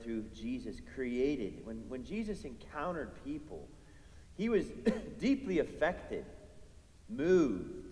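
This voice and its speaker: A man's voice: mid-range voice, darkish tone. Man preaching in an echoey hall. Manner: conversational, builds to emphatic peaks. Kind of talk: sermon. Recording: echoey hall with long reverb.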